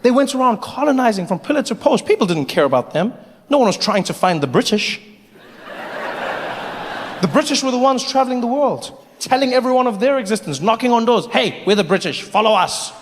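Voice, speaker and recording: A male stand-up comedian performing an animated, mocking routine live on stage. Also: very high voice, brisk. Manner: animated, mocking, rising to shouts. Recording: reverberant theater with faint noise.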